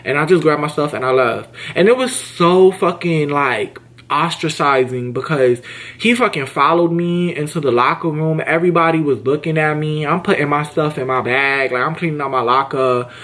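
A young man in his twenties telling a casual storytime, animated and quick, acting out each line of quoted dialogue. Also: on the high side.

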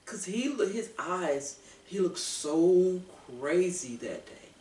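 A woman's voice: on the low side, animated, dark tone. Earnest woman, echoey and distant. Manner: earnest, halting storytelling with restarts. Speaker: guest author. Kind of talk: personal story in an interview. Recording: echoey room, mic far off.

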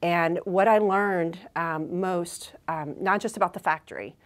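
A woman guest in a conversational interview, recounting her career with animated storytelling. Her voice sits a little low for a woman. She often restarts her sentences and fills pauses with "um" and "you know". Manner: animated, acts out quoted dialogue, many fillers and restarts. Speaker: interview guest, business executive.

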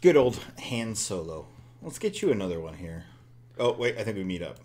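Man, podcast co-host, low pitch with a lively swinging delivery, loose and chatty, breaks into quotes. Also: normal speed. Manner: animated, reads movie quotes aloud with laughs. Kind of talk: casual chat about movies.

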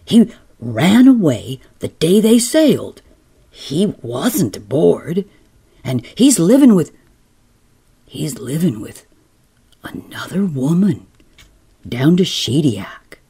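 A woman's voice: deep voice, sing-song, takes it slowly, creaky, pauses often, warm tone, slightly rough, exaggerated voice. A woman voicing a cautious old male sea captain with a rural New England accent, speaking bluntly in a storybook reading. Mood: grave.

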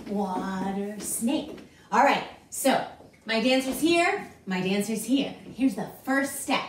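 A woman's voice: sits high, expressive, measured pace, slight background noise. A woman teaching a children's dance class, upbeat and encouraging, calling out counts and chants. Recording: echoey room from a distance with music.

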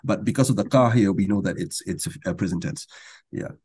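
Low, dark-voiced man explaining patiently. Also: husky. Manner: patient, explains slowly with many restarts and soft laughs. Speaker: guest language enthusiast. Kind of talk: explanatory interview.

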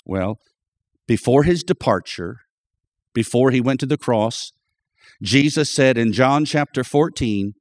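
A man's voice: mid-range voice, a little slow, long pauses, darkish tone, dry recording. A man preaching a sermon as pastor, emphatic, repeating key phrases and calling out to the congregation for an amen.

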